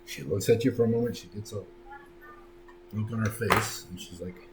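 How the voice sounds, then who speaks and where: A man's voice: fairly low pitch, fairly even intonation, moderate pace, long pauses, very noisy. A man narrating a tabletop game as game master in a casual, descriptive way. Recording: roomy echo, faint background music.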